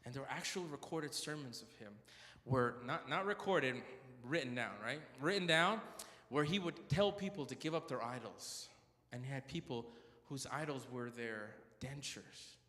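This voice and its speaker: In a church hall, a man speaking at a prayer meeting tells stories in a chatty, joking way, correcting himself as he goes. His voice is medium in pitch and normal in speed, with a sharp tone and a long reverb tail.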